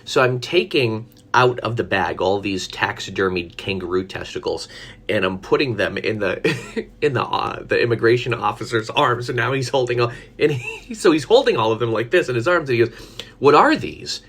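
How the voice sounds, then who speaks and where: A man's voice: mid-range voice, expressive, normal speed, a bit bright, breathy edge. A man telling a story in a casual live stream, chatty, with frequent laughter, fillers and restarts. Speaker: vlogger.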